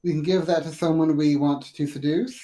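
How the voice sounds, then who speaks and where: A man's voice: a little high, fairly even intonation, a little fast, warm tone. A man playing a video game with a friend in casual chat, thinking aloud hesitantly and using many fillers. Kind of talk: casual let's-play chat.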